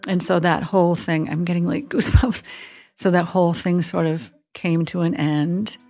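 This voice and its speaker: A woman's voice: on the low side, steady tone, moderate pace, gravelly, darkish tone, soft background music. A middle-aged woman, a hospital chaplain, telling an emotional story in a casual podcast chat and acting out what she thought and said. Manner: earnest, emotional storytelling with acted-out inner voices.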